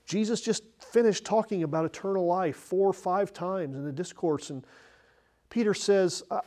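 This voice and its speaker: A male pastor delivering an expository sermon from the pulpit, earnest and emphatic, moving between loud and soft. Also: sits high, normal speed. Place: church, speaking from the pulpit.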